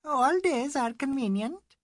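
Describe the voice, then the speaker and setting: A man voicing a serene, gracious lady in a very high, airy, distant voice, in a storybook reading. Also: lively intonation, unhurried, no echo, clean studio sound.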